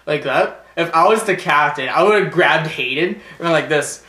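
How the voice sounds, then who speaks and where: A young man giving a casual movie review, animated and laughing often, swearing freely. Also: on the high side, moderate pace, few pauses, echoey room.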